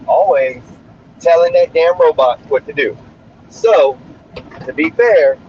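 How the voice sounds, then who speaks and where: Male streamer, high lively voice, profane casual chat, slightly dull lo-fi audio. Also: a little hiss or hum. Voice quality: animated, profane, loose street slang. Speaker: livestreamer.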